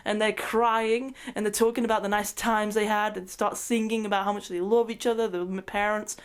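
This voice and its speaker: A woman recapping a movie in a rambling, excitable rant, often breaking into laughter mid-sentence. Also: medium pitch, brisk, clean tone. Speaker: movie reviewer.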